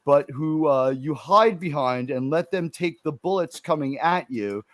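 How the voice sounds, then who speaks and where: Guy in a heated online panel argument, fairly high voice, dry close mic, keeps firing questions. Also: expressive, unhurried, fairly bright tone, dry recording. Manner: combative, interrupting with pointed questions. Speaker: livestream panelist. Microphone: home mic with adjustable gain.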